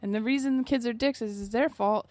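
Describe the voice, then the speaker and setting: A woman's voice: fairly high pitch, fast, a crowd in the background. A young adult woman co-hosting a podcast, chatting casually with dry, teasing humor. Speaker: podcast co-host. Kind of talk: casual chat.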